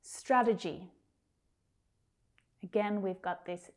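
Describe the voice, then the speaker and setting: A woman teaching English pronunciation, carefully repeating each word slowly. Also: a little high, mellow. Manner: careful, drawn-out repetition of words. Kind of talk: slow pronunciation lesson.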